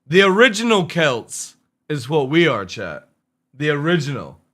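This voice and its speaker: A man's voice: fairly high pitch, big pitch swings, measured pace, a bit bright. A young Scottish man chatting with his viewers while streaming a game, blunt and sweary, humming and musing aloud as he thinks. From Scotland. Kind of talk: casual live-stream chat.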